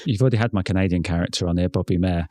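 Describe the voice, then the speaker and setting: A man's voice: deep voice, rapid-fire, a little mellow, no echo. A man, a comedian, guesting on a casual podcast chat, teasing and encouraging the host.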